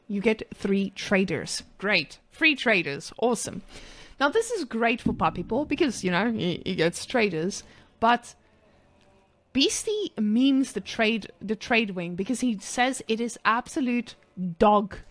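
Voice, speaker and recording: With a slightly high, sing-song, fairly bright voice that's deliberately exaggerated and has no room sound, a woman esports caster adopts a brash South African guy's accent. Speaking a little slowly, she playfully casts a live strategy game with jokey, mock-hyped cheering.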